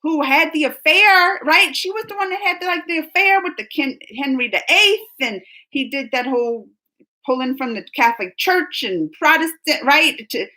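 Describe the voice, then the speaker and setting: A young woman with a high, bright voice rambles through a casual live-stream chat. She laughs often, restarts her sentences and wanders from point to point as she talks to viewers. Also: lively intonation, moderate pace. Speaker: reaction channel host reading live chat.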